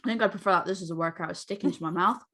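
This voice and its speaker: An American woman co-hosting a podcast in casual chat, animated and playful, often giggling. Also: fairly low pitch, rapid-fire. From United States. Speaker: podcast co-host.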